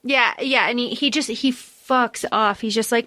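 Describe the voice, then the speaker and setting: A woman's voice: on the high side, a little slow, pushed and bright, no room sound. A woman co-hosting a podcast, chatting casually about a book, swearing freely and using lots of fillers. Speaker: podcast co-host.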